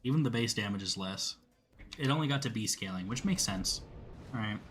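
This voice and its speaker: A man's voice: fairly low pitch, expressive, brisk, a bit bright. A young man giving casual gameplay commentary, rambling, swearing freely and talking back to the enemies he fights. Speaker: gameplay streamer.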